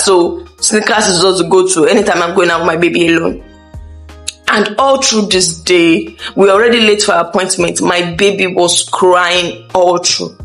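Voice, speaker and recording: A woman's voice: medium pitch, fairly bright tone. A young woman giving earnest, rambling advice in a personal vlog, often correcting herself. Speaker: vlogger. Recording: echoey room with faint music.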